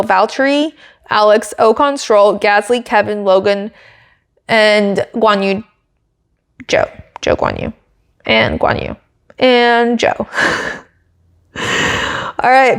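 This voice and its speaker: A young woman hosting a podcast, giving a chatty, giggly, animated race recap. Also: on the high side, smooth. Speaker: podcast host.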